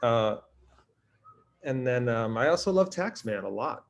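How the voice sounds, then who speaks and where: A musician co-hosting a podcast chats casually and enthusiastically about his favorite songs, full of ums and restarts. His medium-pitched voice has lively intonation, a measured pace, and vocal fry.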